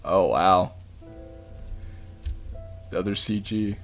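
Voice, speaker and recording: A man hosting a gaming channel, giving casual let's play commentary, excitable and quick to swear as he reacts. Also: low-pitched, creaky, faint music behind.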